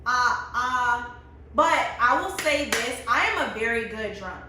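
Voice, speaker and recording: Young woman in her twenties, casual storyteller, high-ish bright voice, roomy echo, off-mic. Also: measured pace, noisy background. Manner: animated, laughing often, acts out friends' lines. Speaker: vlogger. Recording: very echoey room, mic at a distance.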